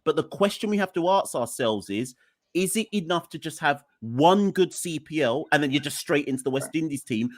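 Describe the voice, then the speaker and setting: A man co-hosting a cricket podcast, ranting with animated exasperation and pushing his voice toward near shouts. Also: on the high side, no room sound, studio quality. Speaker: podcast co-host. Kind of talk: heated cricket podcast rant.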